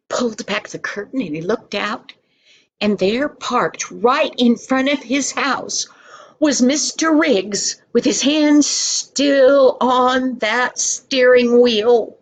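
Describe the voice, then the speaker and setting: An older woman tells a story at an unhurried pace. Her voice sits a little high, and she drops into hushed whispers and playful effects to bring the tale to life. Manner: expressive, dramatic whispers and sound effects. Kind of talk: storybook reading.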